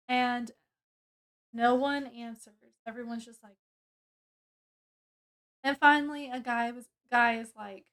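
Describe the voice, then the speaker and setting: A woman's voice: fairly high pitch, fairly even intonation, measured pace, pauses often, a bit bright. A woman reviewing a book, casually retelling its plot in a rambling way with many fillers and restarts.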